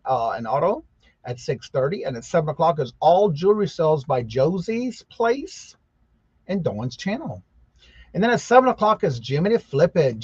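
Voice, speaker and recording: A man's voice: sits high, dry recording. A man in his sixties hosting a casual morning livestream, upbeat and greeting viewers one by one. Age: 60s. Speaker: live show host. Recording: dull lo-fi sound.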